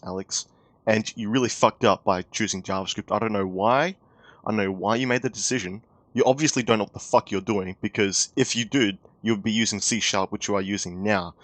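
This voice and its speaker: A young man rants in a heated, exasperated commentary, swearing freely. His voice sits a little low and sounds close and dry, with no room echo. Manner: profane, exasperated, ranting. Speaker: YouTube commentator.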